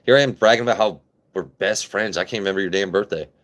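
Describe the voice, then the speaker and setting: A man in his late thirties from Maryland, talking casually into his phone during a live stream. His voice sits a little low, and he rambles, jokes and swears freely as he reads out viewer comments. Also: fast, fairly bright tone. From Maryland, USA. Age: 30s. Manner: loose, profane, joking banter with chat.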